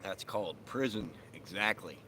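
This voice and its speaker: A man's voice: low voice, lively intonation, moderate pace, bright, forceful tone, slight background noise. A man live-streaming from his phone while sitting outside at the end of his sidewalk, talking bluntly and with a lot of swearing. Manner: blunt, profane, laughs often. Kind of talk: casual live-stream chat. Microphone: phone camera.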